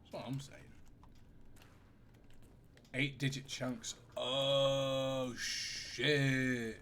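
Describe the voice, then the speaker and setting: A man's voice: mid-range voice, little pitch movement, extremely slow, fairly bright tone. A man streaming a game, chatting casually, joking, swearing and laughing often. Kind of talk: casual gaming commentary.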